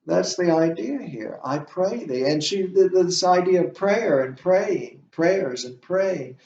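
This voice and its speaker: Halting male literature lecturer in an echoey room. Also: high-pitched, creaky, darkish tone. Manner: halting, many "uh" fillers and restarts. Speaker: literature instructor. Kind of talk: classroom lecture. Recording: echoey room, distant mic, dull sound.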